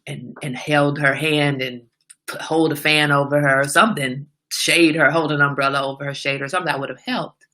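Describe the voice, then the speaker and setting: A woman hosts a casual livestream in an emphatic, preachy monologue. Her voice sits a little low yet sounds bright. She drives her points home with repeated rhetorical questions. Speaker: livestream host.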